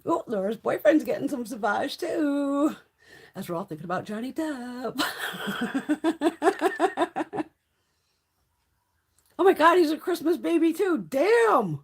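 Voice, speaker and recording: A woman's voice: high-pitched, very animated, slow, long pauses. A woman hosting a casual live-stream chat, brash and profane, telling stories with frequent laughs. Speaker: livestream host.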